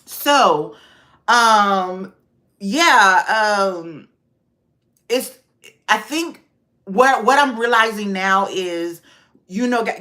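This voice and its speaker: A woman's voice: on the low side, animated, measured pace, bright, forceful tone. A woman vlogger chatting casually on a livestream, talking to viewers by name.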